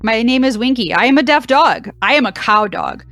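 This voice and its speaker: A woman's voice: on the high side, animated, moderate pace, a bit bright, no room sound, soft background music. A woman voicing a sassy, dramatic deaf female cow dog, reading her diary with a dry, mock-dramatic delivery. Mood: proud.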